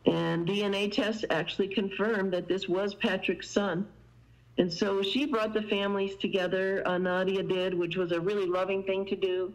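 A woman's voice: mid-range voice, level tone, moderate pace, poor audio. Woman guest, chatty storyteller, wanders with fillers, mid-range voice. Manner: meandering, many "you know" fillers. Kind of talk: conversational storytelling.

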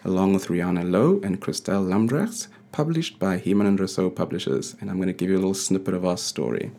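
A man, co-author of a children's book, reading his story aloud in a measured, gentle storytelling manner. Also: deep voice, lively intonation.

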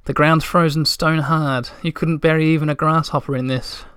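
A man voicing a calm, kindly female creature in a storybook, speaking gently and wisely. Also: on the high side, moderate pace, clear, resonant tone, no room sound, clean studio sound, voice pushed up, lightly acted. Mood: gentle.

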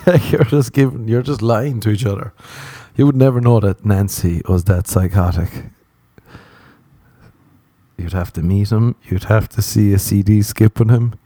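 A man tells a rambling story in casual conversation, swearing freely and laughing at his own tale. His voice sits a little low with a warm, relaxed tone. The recording is close and dry. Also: a little slow, no room sound. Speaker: comedian.

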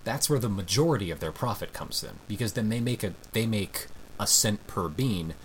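A man's voice: fairly low pitch, animated, normal speed, a little hiss or hum. A man co-hosting a podcast, explaining a story step by step in casual chat and often checking in with "right?". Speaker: podcast co-host.

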